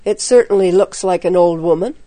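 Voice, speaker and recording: Woman reading as a calm steady young man. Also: fairly low pitch, a little fast, no echo, lightly acted. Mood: reassuring. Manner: steady, reassuring, explanatory. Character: calm, confident young man, level-headed. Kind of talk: storybook reading.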